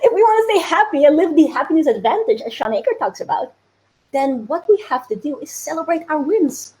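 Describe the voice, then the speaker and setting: A woman with a high, sing-song voice and a dark tone talks a little fast on a rough recording. She hosts a live online business challenge, delivering a bubbly, upbeat motivational talk, laughing often and urging viewers to comment.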